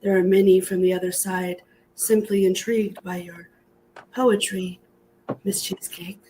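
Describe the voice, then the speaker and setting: A woman delivering a spooky announcement in an ominous, monotone manner. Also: mid-range voice, a little slow, a little hiss or hum, poor audio.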